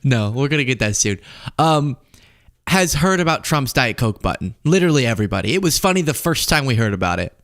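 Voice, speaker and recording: A man's voice: mid-range voice, very animated, brisk, fairly bright tone. A man hosting a political commentary show, talking casually and sarcastically and laughing often.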